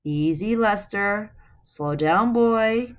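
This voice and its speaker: A woman reading aloud and voicing a short, stout, elderly woman who is bossy and gruff, with a raspy voice. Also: medium pitch, animated, normal speed, a bit bright. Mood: scolding. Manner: scolding, blunt.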